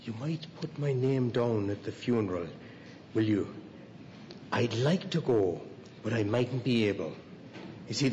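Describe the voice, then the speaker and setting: A man's voice: lowish voice, a little mellow, a little hiss or hum, lightly acted. A man playing a breezy, matey acquaintance. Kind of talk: radio drama acting. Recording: long hall reverb, faint ambience.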